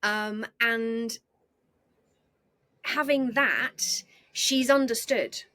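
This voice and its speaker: Chatty woman, bright pitch. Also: extremely slow, no room sound. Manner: chatty, animated, acts out voices, laughs easily. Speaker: guest. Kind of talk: conversational storytelling.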